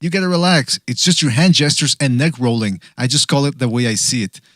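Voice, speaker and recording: A man's voice: mid-range voice, a little fast, a bit bright, dry recording. A man hosting a casual boxing podcast, swearing freely and reading viewer comments aloud with laughter. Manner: loose, profane, reads comments aloud with laughs. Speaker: podcast host.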